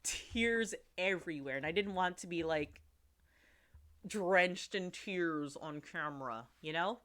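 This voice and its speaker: A woman's voice: lowish voice, takes it slowly, a bit bright. A woman streamer chatting casually with her viewers, giggling often and talking with lots of fillers. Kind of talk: casual chat on a livestream.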